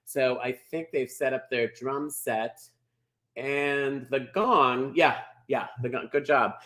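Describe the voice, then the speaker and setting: A man plays a chatty middle-aged small-town lady hosting a comedy bingo show over a video call, gushing, rambling and stumbling over names. It's a comedic drag character, voiced at medium pitch with a slow pace and a fairly bright tone.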